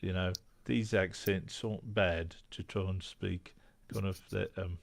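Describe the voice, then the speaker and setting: A man's voice: deep voice, steady tone, unhurried, vocal fry, no echo. A man with a South African accent chatting casually on a call, hesitant and searching for words.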